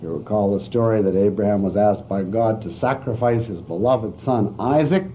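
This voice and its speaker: A man's voice: lowish voice, normal speed. A man giving a university philosophy lecture in an emphatic, wry manner. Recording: tinny, lo-fi archival lecture tape with faint hiss.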